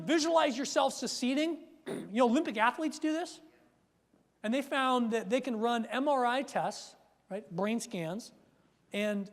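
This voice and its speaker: A man coaching a live seminar audience, energetic, checking in with "right?" and acting out his stories loudly. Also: very high-pitched. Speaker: workshop speaker and coach. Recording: long hall reverb.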